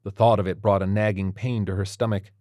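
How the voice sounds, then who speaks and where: Male audiobook narrator, low and steady, dry studio sound. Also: fairly quick, no room sound.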